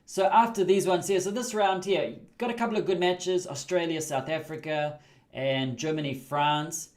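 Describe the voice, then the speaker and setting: A chatty man talks over a rugby management game on a livestream. His voice sits high for a man. He laughs often and breaks into excited asides. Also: moderate pace. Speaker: livestream host. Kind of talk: casual game commentary.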